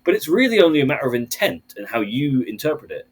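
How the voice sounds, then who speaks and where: A man on a casual podcast, ranting with animated, profane energy about a film. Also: mid-range voice, fast talker, breathy edge.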